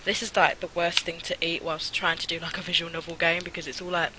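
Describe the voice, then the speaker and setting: A woman's voice: on the low side, little pitch movement, fast talker, noisy background. A young woman chatting casually as she plays a visual novel and reads its text aloud, rambling with lots of fillers. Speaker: gaming video host. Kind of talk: casual let's-play commentary, reading game text aloud.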